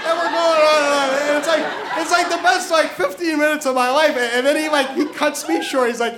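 A man with a very high voice for his sex tells a comic personal story. He stumbles and repeats words nervously as he talks. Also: fairly even intonation, brisk, few pauses, a crowd in the background, noisy background.

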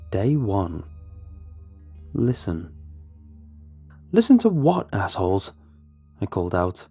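A young man narrates a horror tale in the first person, tense and brooding. His voice sits low and husky with a dark, mellow tone, and it rises and falls with a lot of expression. Faint music plays underneath. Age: young adult. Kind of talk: scripted horror story narration.

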